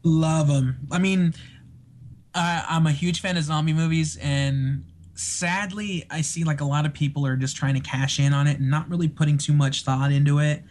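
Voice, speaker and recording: Excitable storytelling man, slightly high voice. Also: moderate pace. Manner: excitable, laughs often, acts out quoted voices. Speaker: podcast guest. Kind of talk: casual chat, storytelling.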